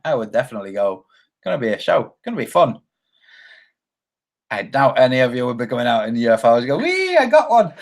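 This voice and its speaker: Man, livestream host, casual rambling chat, lively swooping pitch, joking tone. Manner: rambling, joking, reads chat comments aloud; acts out quoted voices with big pitch jumps.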